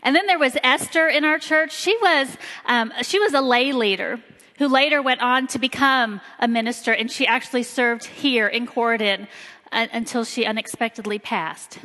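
A woman from Indiana gives a personal talk in a church sanctuary, telling stories with slow, emphatic phrasing. Her voice sits slightly high and sounds bright and crisp. Long reverb from the hall trails behind each phrase. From Indiana, USA. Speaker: lay speaker giving a church talk.

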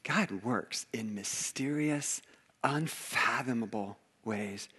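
A man's voice: mid-range voice, slow pace, husky. A male pastor preaching a sermon in a church, telling stories with lots of acted-out quotes and laughter. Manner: storytelling, animated, acts out quotes, laughs often.

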